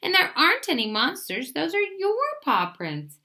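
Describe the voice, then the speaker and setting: Woman doing a calm, kindly big mouse. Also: high-pitched, normal speed, voice pushed up, full character voice. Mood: reassuring. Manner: gentle, soothing. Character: calm, reassuring older male mouse.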